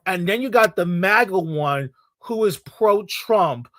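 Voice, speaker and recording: A man's voice: high-pitched, expressive, slow, a bit bright, no room sound, clean studio sound. A man from Latin America delivering a heated, profane rant to camera as a video commentator, repeating himself and swearing often.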